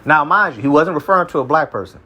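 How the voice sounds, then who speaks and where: A man's voice: fairly high pitch, expressive, fast, bright, forceful tone. A man from Kentucky leading a small group Bible study in a casual, slangy way, often checking that listeners follow him. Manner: slangy, conversational, often asks "you see what I'm saying".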